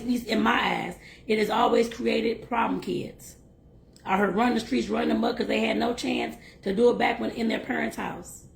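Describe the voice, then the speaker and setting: A woman reading a novel aloud and breaking off for lively, chatty asides to her listeners. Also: fairly high pitch, gravelly, a little hiss or hum. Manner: lively, laughs and talks to listeners directly. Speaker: host and reader.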